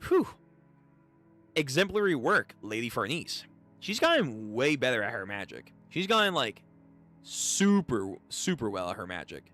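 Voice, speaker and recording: Animated, bright-voiced streamer man. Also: medium pitch, moderate pace, soft background music. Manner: animated and slangy, chatting to viewers. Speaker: streamer reading manga aloud. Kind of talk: casual live readthrough commentary.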